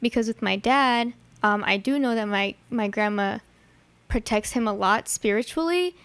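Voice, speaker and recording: A woman's voice: a little high, normal speed, a bit bright, clear, resonant tone, dry recording. A young woman from the Chicago area telling stories as a podcast guest, chatty, full of likes and ums. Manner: chatty, lots of likes and ums, acts out her dad's lines. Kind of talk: casual storytelling chat.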